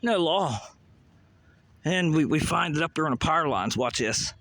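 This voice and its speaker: A man's voice: fairly high pitch, animated, normal speed, a bit bright, no room sound. A man delivering a rambling, profane, conspiratorial monologue, often asking rhetorical questions. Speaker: vlogger.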